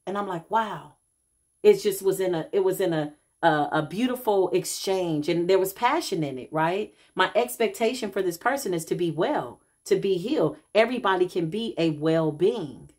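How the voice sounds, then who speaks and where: Here the pitch is on the low side and the tone darkish, delivered with animation at a moderate pace. She's a middle-aged self-described healer spinning a laid-back vlog tale, voicing the folks she quotes and calling her audience y'all.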